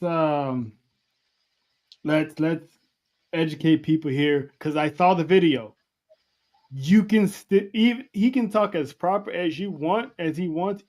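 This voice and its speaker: A man's voice: a little high, slow, a little mellow. A man co-hosting a wrestling podcast, making his points emphatically and repeating words as he takes the floor. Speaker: podcast co-host. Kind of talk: casual chat.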